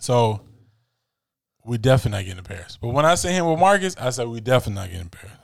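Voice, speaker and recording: A man's voice: medium pitch, very fast, gravelly. A man co-hosting a casual chat, telling stories with slang and frequent laughter. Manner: animated, laughing, slangy storytelling. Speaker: podcast co-host. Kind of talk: casual chat about sneakers.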